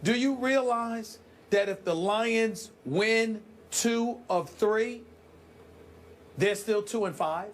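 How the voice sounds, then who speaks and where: A man co-hosting a heated sports debate show, talking with emphatic, drawn-out dramatic delivery. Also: high-pitched.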